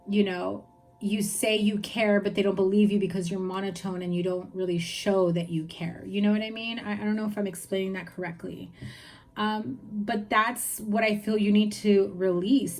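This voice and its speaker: A woman's voice: medium pitch, a little mellow. A woman giving a casual tarot reading to viewers, chatty and reassuring, often checking in with "right?" and "you know". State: hiccups. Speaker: tarot reader.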